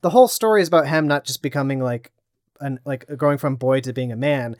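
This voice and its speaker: A man with a brisk, darkish, mid-range voice co-hosts a casual podcast chat, rambling with plenty of fillers and restarts. The recording is dry, with clean studio sound.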